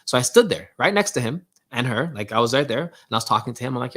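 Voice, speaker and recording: A man's voice: medium pitch, big pitch swings, quick pace, few pauses, fairly bright tone. A man hosting a casual motivational talk, speaking preachily, firing rhetorical questions and addressing listeners directly. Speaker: host.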